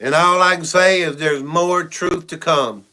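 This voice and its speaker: Rambling man, bright clear voice. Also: a little high, fairly even intonation, measured pace. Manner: rambling, frank, frequent "y'all". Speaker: channel host. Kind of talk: casual livestream talk.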